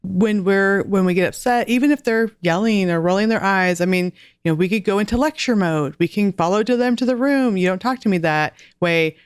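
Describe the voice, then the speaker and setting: A woman's voice: mid-range voice, fairly quick, clear, resonant tone, dry recording, clean studio sound. A woman in her forties, a guest author and homeschool mom, chatting earnestly in a podcast interview with light laughs.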